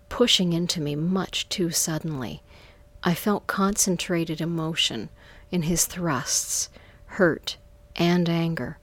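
A woman narrating a first-person erotic story in a soft, half-whispered, drawn-out delivery, close to the mic. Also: sits low, breathy edge, no echo.

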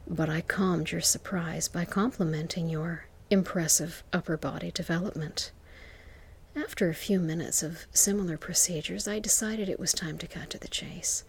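A woman narrating an intimate whispered role-play to the listener, in a soft, slow, seductive whisper. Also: lowish voice, fairly even intonation, slight background noise.

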